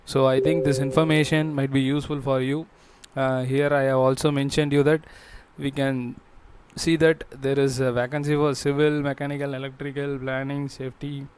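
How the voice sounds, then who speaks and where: A man hosting a job-listings channel, talking through a screen walkthrough in a halting way with frequent fillers and restarts. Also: mid-range voice, little pitch movement, a little mellow, a little hiss or hum.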